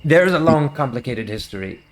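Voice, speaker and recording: A man playing a tabletop role-playing game, speaking his character's lines slowly and formally. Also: on the high side, expressive, slight background noise. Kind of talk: in-character role-play and casual table talk.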